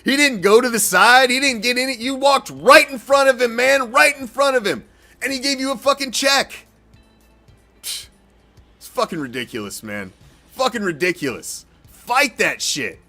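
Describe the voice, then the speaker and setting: Swearing sports host guy, exasperated rant, lively up and down voice, bit of music low in back. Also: moderate pace. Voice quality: heated, swearing, exasperated ranting. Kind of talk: profane fan reaction rant.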